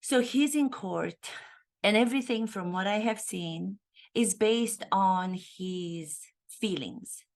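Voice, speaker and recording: A woman's voice: mid-range voice, slow pace, vocal fry. A woman from Romania, an acting coach, giving emphatic, sarcastic commentary in a vlog and repeating phrases for effect.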